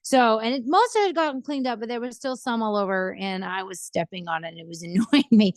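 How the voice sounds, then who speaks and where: A woman's voice: a little high, fast, no room sound, studio quality. A middle-aged woman giving casual relationship advice in a rambling, chatty way, often checking in with "right?".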